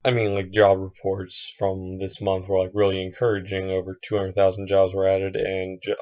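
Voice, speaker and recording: A man's voice: low voice, gravelly, warm tone. A young man with a cold, chatting in a rambling, casual video letter to a friend, full of fillers. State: has a cold. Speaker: vlogger. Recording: dull lo-fi recording.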